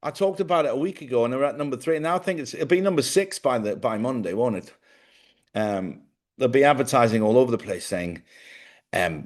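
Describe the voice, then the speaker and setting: A man hosting a livestream from a small studio, chatting in a loose, rambling way. He jokes and drifts off topic, with a sleepy edge, at a mid pitch. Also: a little fast. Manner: jokey, chatty, wanders off topic. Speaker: host of a live show. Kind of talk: rambling casual livestream chat.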